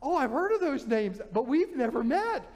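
A chirpy, delighted young woman, as a male preacher puts her on, pitched high above a man's usual voice. The words ring out with a long hall reverb around them. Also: very animated, normal speed, a little mellow. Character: eager young woman at a well.

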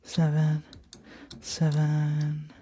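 A young man rambling through a flustered, hurried goodbye in a comedic vlog. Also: a little high, completely flat delivery, background noise.

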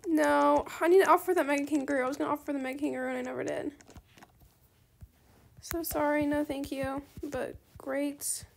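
A woman hosting her gaming channel, chatting casually through gameplay commentary and bursting into excited squeals. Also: high-pitched, fairly quick, creaky.

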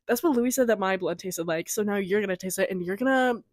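A woman's voice: mid-range voice, quick pace, noisy background, natural voice. A woman voicing a petty, smug male vampire in a teasing, casual way.

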